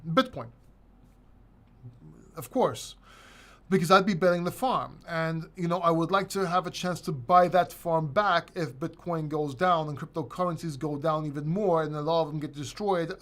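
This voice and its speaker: A man's voice: a little high, a bit bright. A man hosting a casual livestream, reading viewers' questions aloud and answering them loosely. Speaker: crypto livestream host. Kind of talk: casual live-chat Q&A.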